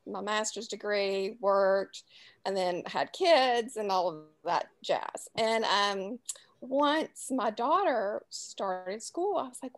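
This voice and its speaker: A woman's voice: mid-range voice, expressive, takes it slowly. A middle-aged woman with a Southern US accent, chatting as a guest author in a casual interview, rambling and laughing easily. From Louisiana.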